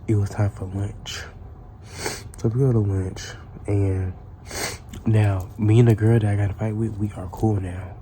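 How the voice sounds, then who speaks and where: A man's voice: on the low side, little pitch movement, unhurried, background noise. A man telling a casual storytime tale in a profane, rambling way, full of restarts.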